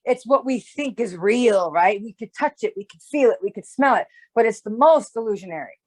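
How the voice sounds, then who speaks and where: Her voice sits on the high side and is expressive, at an ordinary pace. Appearing as an astrologer guest in a relaxed chat, she rambles through long explanations with restarts, tagging on "right?" again and again.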